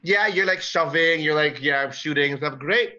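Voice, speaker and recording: A man acting as game master of a tabletop game, talking in a halting way with many fillers and restarts. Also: a little high, bright, forceful tone, highs cut off.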